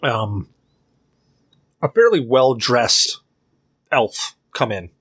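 Man, game master, husky voice, relaxed halting narration, tabletop game. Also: mid-range voice, no echo. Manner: relaxed, hesitant narration with many fillers.

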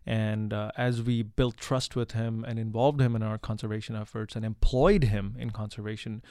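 A man's voice: fairly low pitch, little pitch movement, normal speed, darkish tone, clear, resonant tone, no echo, studio quality. A man from India, a wildlife researcher, answering interview questions in an earnest, explanatory way with frequent fillers and restarts. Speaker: wildlife researcher and conservationist guest.

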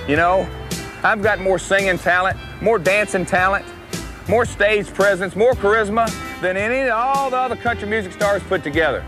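A man's voice: sits high, normal speed, voice pushed up, lightly acted. A man with a Tennessee twang playing a cocky young wrestler who dreams of being a country star, in an archival promo vignette. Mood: boastful. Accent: Southern US, Tennessee. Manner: boastful, sneering, twangy drawl. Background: country guitar music.

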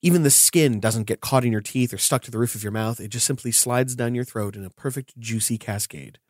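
A man's voice: medium pitch, brisk, darkish tone, dry recording, clean studio sound. A man narrating a tabletop game as game master, describing scenes in detail.

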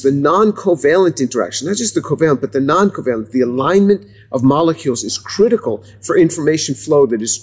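Husky-voiced man explaining science haltingly. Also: a little high, a little mellow. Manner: hesitant, many restarts, explanatory. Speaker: interview guest, chemist. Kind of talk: conversational interview.

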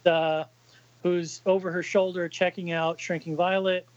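A man co-hosting a podcast, recounting a comic book page by page in a casual, halting way with many fillers. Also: high-pitched, level tone, muffled recording, a little hiss or hum. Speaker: podcast co-host reading a comic aloud. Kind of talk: casual chat.

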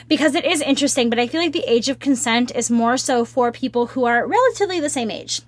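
A woman's voice: high voice, lively intonation, fast, no echo. A woman co-hosting a podcast in casual chat, reacting a lot and talking with many "like"s and "you know"s. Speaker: podcast co-host.

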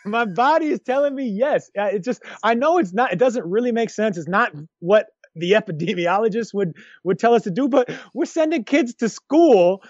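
A man co-hosting a casual sports chat, rambling and restarting his sentences with lively energy, on a dull lo-fi recording. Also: high-pitched, dry recording. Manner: rambling, lots of restarts, animated. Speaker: podcast co-host. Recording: dull lo-fi dry sound.

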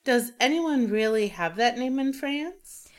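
A woman co-hosting a casual podcast chat, explaining things in an expressive, matter-of-fact way. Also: on the high side, unhurried. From United States. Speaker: podcast co-host.

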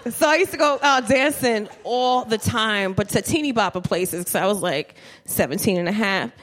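A woman's voice: a little high, measured pace, fairly bright tone. A woman from New Jersey performing a live stand-up set, telling stories in a brash, profane and giggly way. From New Jersey, USA. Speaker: stand-up comedian. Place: comedy stage before a live audience.

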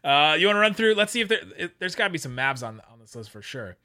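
A man co-hosting a podcast, talking sports bets in an excitable, joking way. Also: a little high. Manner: excitable, quick to joke and laugh. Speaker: podcast co-host. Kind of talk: casual sports chat.

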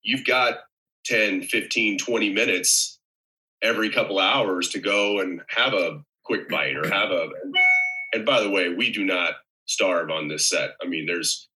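A man's voice: sits low, a little slow, sharp tone, low-quality recording. A man, an actor as interview guest, explaining things in long rambling stretches with wry humor. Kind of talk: casual chat.

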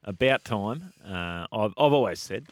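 An Australian man co-hosting a radio show, making deadpan mock-serious jokes. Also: on the low side, unhurried, dry recording. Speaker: radio co-host. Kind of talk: casual sports radio banter.

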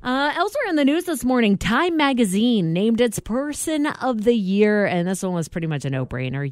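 A morning show co-host reading news items in a casual chat and adding quick asides. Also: medium pitch, darkish tone, dry recording, clean studio sound. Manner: reads headlines with quick asides and laughs.

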